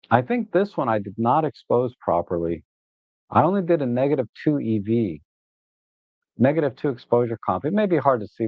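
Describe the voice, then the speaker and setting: A photography channel host with a mid-range voice rambles casually through his shots on a livestream, peppering his talk with "uh" and restarts. When he gripes he gets animated and exasperated, breaking into laughs, all in dry, phone-like audio without room sound.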